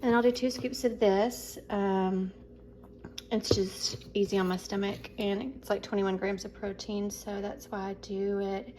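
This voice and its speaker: A woman's voice: medium pitch, little pitch movement, measured pace, noisy background. A woman chatting casually in her kitchen, rambling along with lots of fillers. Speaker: food vlogger. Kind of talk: casual chat.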